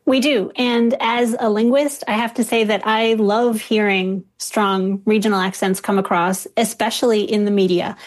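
A woman linguist speaks as a radio guest, explaining ideas clearly and at an even pace. Her voice sits mid-range for a woman. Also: medium pitch, moderate pace, few pauses. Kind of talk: explanatory interview talk.

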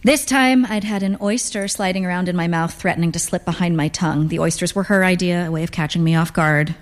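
A woman narrating first-person literary fiction in a dry, deadpan manner. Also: lowish voice, fast. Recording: long reverb.

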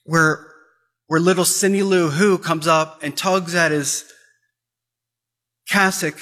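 A man's voice: a little high, fairly even intonation, takes it slowly, bright, forceful tone. A man giving an impassioned Catholic talk, repeating phrases and pressing urgent questions. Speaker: Catholic speaker.

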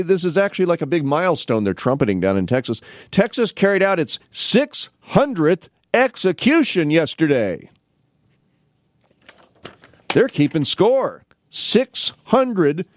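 A man's voice: a little high, dry recording. Rambling male radio talk host. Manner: rambling, self-correcting, wry asides. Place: radio studio. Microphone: studio mic.

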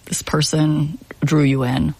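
A woman hosting a documentary podcast, narrating the story and questioning her guest in a measured way. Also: low-pitched, level tone, a little mellow, husky. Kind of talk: scripted narration and interview questions.

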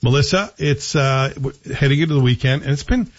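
A man hosting a morning radio show, chatty and teasing, full of quick jokes. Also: mid-range voice, no echo, highs cut off. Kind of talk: casual morning radio banter. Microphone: studio microphone.

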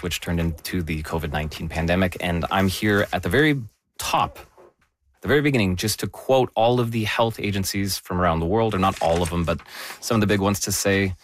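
A man explaining a news story in a conversational way, animated and correcting himself as he goes. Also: deep voice.

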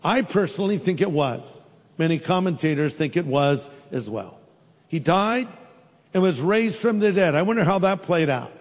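A man's voice: a little high, in a large hall. A man preaching a sermon as a pastor, in a conversational, humorous storytelling way.

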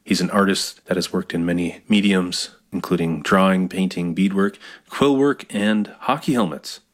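A man with a low voice hosting a radio show. He reads a smooth announcer intro, then turns friendly and conversational with his guest. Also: normal speed.

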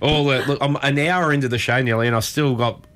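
A man's voice: mid-range voice, steady tone, fairly quick, a bit bright. Rambling middle-aged Australian man. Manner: rambling, loses his train of thought. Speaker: radio show host. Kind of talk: casual chat.

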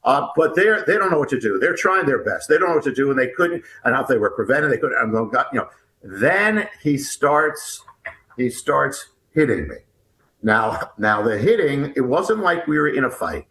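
A man who is an author and guest, telling a story about himself in an animated, halting way, with many restarts and repeated words. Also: mid-range voice. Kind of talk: animated first-person storytelling. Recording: echoey room.

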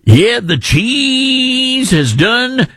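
A man putting on a slow, exaggerated Southern drawl to play a folksy, hammy middle-aged senator. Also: very high voice, big pitch swings, fairly bright tone, dry recording, clean studio sound, voice pushed up, full character voice. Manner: slow, drawn-out, yokel-like.

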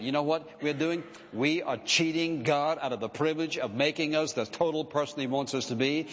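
A male pastor preaching a sermon, earnest and emphatic, asking his listeners pointed rhetorical questions. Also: on the high side. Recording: dull, echoey hall sound.

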